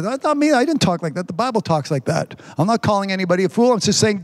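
High-voiced male preacher, emphatic. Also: sing-song. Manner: emphatic, repeats phrases, frequent hallelujahs; stretches words out slowly for emphasis. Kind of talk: sermon.

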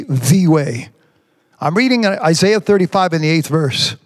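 Male pastor, fairly high voice, preaching a sermon; slow scripture reading, pitch climbs for emphasis. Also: expressive. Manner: preaching, reads scripture slowly, rises in pitch when emphatic. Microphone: remote stream from a device on batteries.

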